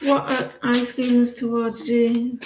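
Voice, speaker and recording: A woman's voice: on the high side, flat delivery, takes it slowly, darkish tone, echoey room, a little hiss or hum, rough recording. A woman in her forties giving a live tarot reading, rambling with lots of fillers and restarts. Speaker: tarot reader. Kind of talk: live-stream tarot reading and casual chat.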